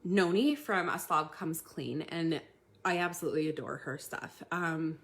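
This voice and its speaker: A woman hosting a casual live talk to her community, chatty, laughing often and filling pauses with ums. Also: low-pitched. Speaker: community host giving tips.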